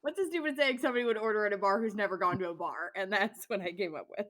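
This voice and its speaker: A woman's voice: medium pitch, racing, a bit bright. A woman playing a tabletop game, talking lightly with small hesitations. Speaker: player. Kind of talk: casual play at a tabletop game.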